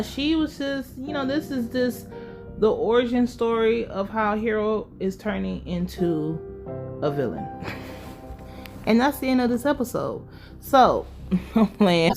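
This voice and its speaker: A woman giving a casual, sassy and profane recap of a TV episode with lively asides. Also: mid-range voice. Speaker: show recap host.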